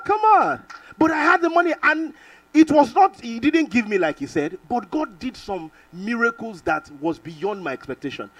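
A middle-aged man from Nigeria preaching a sermon, telling a personal testimony with animated storytelling and calls for amen. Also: very high voice, no echo, distant mic, low-quality recording. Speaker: pastor.

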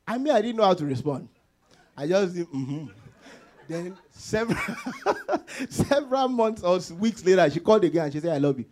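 Animated laughing preacher man. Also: high-pitched, normal speed. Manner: animated, laughs often, acts out quotes. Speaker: pastor. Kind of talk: sermon.

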